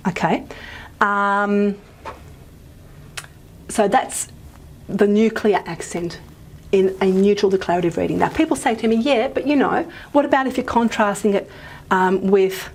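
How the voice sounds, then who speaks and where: A woman's voice: medium pitch, normal speed, pauses often, husky. Chatty woman lecturing on phonetics. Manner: chatty, checks in with "okay?".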